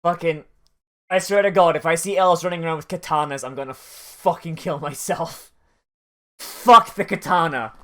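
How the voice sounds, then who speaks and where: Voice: medium pitch, moderate pace, a bit bright. An anime watch-along host giving casual, profane commentary that wanders into long tangents. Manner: profane, rambling and tangential storytelling.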